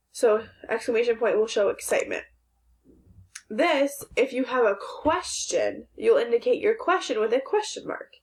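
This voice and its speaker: A woman teaching a phonics and punctuation lesson to young children, speaking slowly and clearly, asking questions and praising answers. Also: on the high side.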